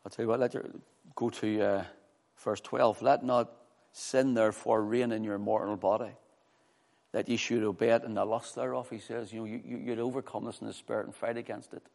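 A man preaching a sermon with fervor, swinging from loud, high exclamations to low, quiet scripture reading. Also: little pitch movement, a little fast, gravelly. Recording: long hall reverb.

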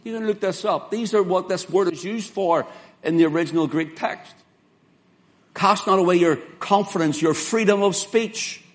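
A man preaching a sermon in an earnest, emphatic way, quoting scripture in King James phrasing. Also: sits high. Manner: earnest, emphatic preaching with slow spelled-out words and dramatic quoted lines.

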